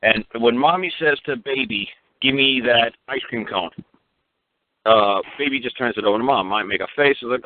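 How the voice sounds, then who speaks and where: A man from New York with a New York accent, ranting fast and profanely on a radio talk show, acting out other people's voices as he goes. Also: lowish voice, dry recording. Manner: fast, profane, repetitive, acts out quoted voices. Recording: tinny phone line, dry.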